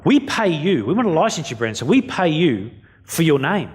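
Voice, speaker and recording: A man's voice: a little high, big pitch swings, normal speed. An Australian man giving a keynote speech to an audience, blunt and self-mocking, acting out what people said. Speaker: keynote speaker. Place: conference venue before an audience.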